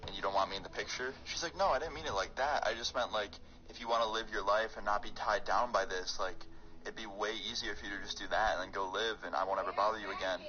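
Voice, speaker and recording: A young man telling a rambling, excitable storytime on his vlog, full of fillers. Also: fairly low pitch, quick pace, muffled recording. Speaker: YouTuber storyteller.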